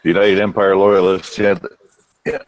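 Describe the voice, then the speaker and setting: A man's voice: sits low, little pitch movement, measured pace, no echo, low-quality recording. A man on an online panel, talking in an easygoing, agreeable way. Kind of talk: casual group chat.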